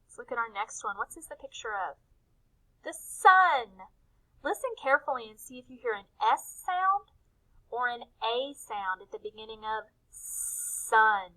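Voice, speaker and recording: A woman with a high, bright voice leads young children through a phonics lesson. She speaks in a slow, sing-song way and draws out each letter sound. She stays gentle and encouraging, posing questions and then answering them herself. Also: very animated, rough recording. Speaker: teacher.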